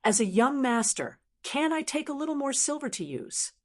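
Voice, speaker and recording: A woman's voice: high-pitched, big pitch swings, moderate pace, voice pushed up. A woman voicing a lazy, brash young nobleman who scoffs and talks bluntly. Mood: scoffing.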